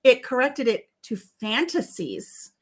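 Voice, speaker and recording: A woman's voice: a little high, big pitch swings, slow pace. A woman hosting a casual home vlog, chatting and telling stories with a lot of laughter. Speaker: vlog host. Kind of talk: casual chat while tasting tea.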